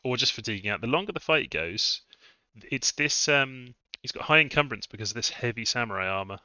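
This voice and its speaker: A man's voice: medium pitch, expressive, brisk, pushed and bright, no echo. A man thinking aloud as he live-streams a strategy game, musing over his moves. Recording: dull lo-fi dry mic sound.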